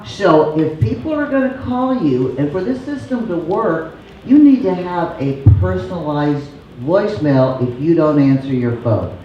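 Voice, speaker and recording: A woman's voice: sits low, animated, unhurried. A woman from the office staff adding a practical point at a sales meeting in a direct, matter-of-fact way. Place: meeting room. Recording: very echoey room, distant, dull and muffled, faint noise.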